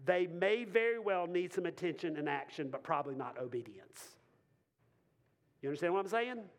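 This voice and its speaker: A man's voice: high-pitched, lively intonation, moderate pace, creaky. A man preaching a sermon to a congregation, emphatic, repeating key lines and putting questions to the room. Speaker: pastor. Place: church before a congregation.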